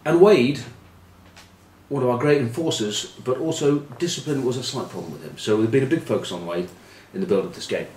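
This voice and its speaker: A middle-aged man telling rugby stories and giving predictions, wry and self-mocking, often trailing off into quiet asides. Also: mid-range voice, brisk. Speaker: rugby pundit. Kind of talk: anecdotal storytelling preview. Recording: echoey room with faint ambient noise.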